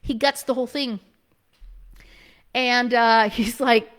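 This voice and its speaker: Animated high-voiced woman telling a story. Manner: animated, filler-heavy with frequent "like", quick laughs. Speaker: preschool business coach. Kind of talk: personal storytelling monologue.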